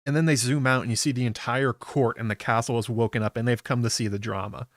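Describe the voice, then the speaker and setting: A man's voice: medium pitch, steady tone, quick pace, dry recording, clean studio sound. A man hosting a podcast, recapping a TV episode in a rambling, casual way with lots of filler words. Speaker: podcast host.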